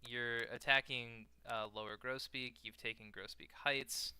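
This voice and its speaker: A man giving casual, rambling gameplay commentary, joking with his opponent and filling pauses with lots of "uh". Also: mid-range voice, steady tone, pushed and bright, smooth. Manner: rambling, joking banter with frequent fillers. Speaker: multiplayer strategy game player and co-host.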